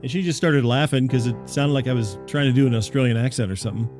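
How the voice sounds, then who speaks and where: A man hosting a comedy podcast, telling a rambling story in a deadpan, conversational way. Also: mid-range voice, fast, music in the background. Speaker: podcast host and narrator. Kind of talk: comedic monologue.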